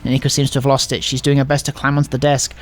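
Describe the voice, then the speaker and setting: A man's voice: mid-range voice, monotone, rapid-fire, faint music behind. A man hosting a let's play of a visual novel, reading the game's dialogue aloud in a casual, rambling, self-mocking way. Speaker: gaming host.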